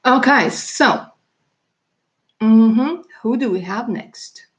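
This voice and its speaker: A woman from Russia doing live-stream tarot readings, chatty and warm in her words, laughing often and calling viewers darling. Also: on the high side, extremely slow. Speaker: tarot reader.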